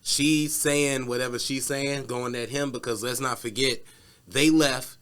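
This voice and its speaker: A man's voice: mid-range voice, unhurried. A man co-hosting a podcast, chatting casually and telling a story with slang and cursing. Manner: animated storytelling, acts out voices with cursing. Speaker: podcast co-host. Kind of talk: casual chat.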